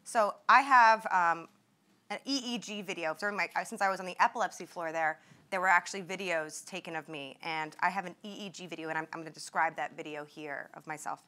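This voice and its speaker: A young woman reading aloud from her own memoir at a talk, in a measured, vivid way. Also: on the low side, sharp tone. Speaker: author and former patient.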